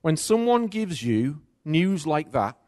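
This middle-aged preacher takes his time, recounting a personal story within his sermon while his voice shifts between loud and quiet. Pitch rises and falls animatedly. It's a close, dry recording without echo.

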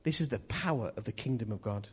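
A man's voice: mid-range voice, animated, fast, a bit bright, husky. A man preaching a sermon in an earnest manner, often repeating key phrases.

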